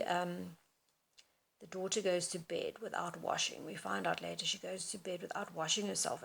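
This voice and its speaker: A woman's voice: lowish voice, vocal fry. A woman, a teacher explaining how to read a story aloud with expression. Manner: explains expressively, then reads passages aloud. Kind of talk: reading-aloud lesson.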